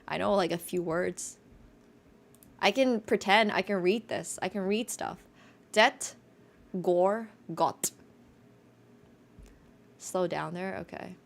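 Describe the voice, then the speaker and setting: Young woman streamer, gravelly edge, loose rambling chat with fillers. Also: fairly low pitch, unhurried. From Finland. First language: Finnish. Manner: chatty, rambling, many restarts and fillers. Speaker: chess streamer.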